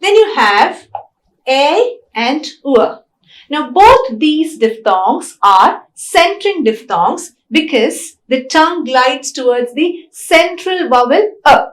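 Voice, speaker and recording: A woman giving a recorded phonetics lecture, slow and deliberate, often checking in with "right?". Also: sits high, animated. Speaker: English lecturer.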